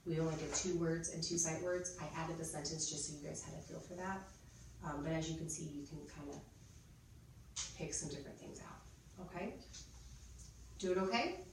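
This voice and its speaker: Low-voiced woman teacher in an echoey room. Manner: chatty, explains step by step, models drills slowly. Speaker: reading teacher and trainer. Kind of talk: teacher training workshop. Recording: echoey room, mic far off, noisy.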